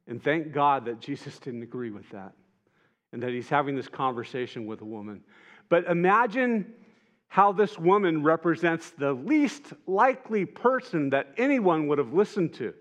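A man preaching a sermon in an earnest way, rising to emphatic peaks and dropping soft and tender at moments. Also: fairly high pitch, expressive, normal speed. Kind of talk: sermon retelling gospel scenes.

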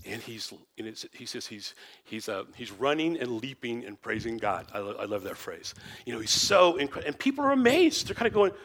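A man's voice: on the low side, expressive, moderate pace, fairly bright tone. A man who teaches the Bible, talking informally and rambling with lots of "you know" and restarts.

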